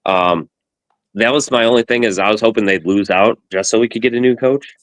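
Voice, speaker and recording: A man's voice: fairly low pitch, brisk, dry recording. A man co-hosting a sports podcast, chatting casually and rambling through analogies. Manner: rambling, uses analogies, many "it's like". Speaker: podcast co-host.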